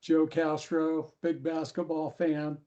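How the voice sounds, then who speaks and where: A male columnist on a panel telling a story in a halting way, with many pauses. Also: a little high, completely flat delivery, warm tone. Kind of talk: panel discussion. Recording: dull lo-fi sound.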